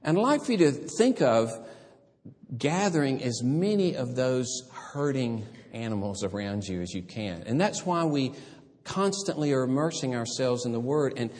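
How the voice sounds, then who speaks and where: A man preaching a sermon as pastor, animated and conversational, with humorous asides. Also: medium pitch, normal speed, in a large hall.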